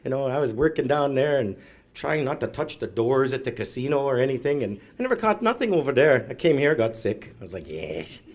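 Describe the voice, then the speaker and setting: A man, a stand-up comedian telling stories on stage with deadpan asides. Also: mid-range voice, brisk. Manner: storytelling, deadpan asides, laughs at own jokes. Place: live event hall, audience.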